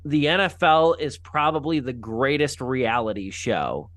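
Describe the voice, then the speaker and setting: Male podcast host, mid pitch, dry close mic, rambling and self-deprecating. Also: lively intonation, unhurried, fairly bright tone, dry recording. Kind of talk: casual podcast chat.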